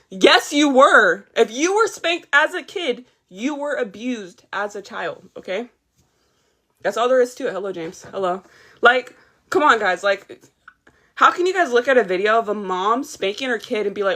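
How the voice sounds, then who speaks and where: A woman's voice: a little high, animated, normal speed, pushed and bright. A woman hosting a livestream, tired but heated as she rants emphatically and keeps greeting her chat. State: a little tired. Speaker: livestream host. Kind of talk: casual ranting livestream.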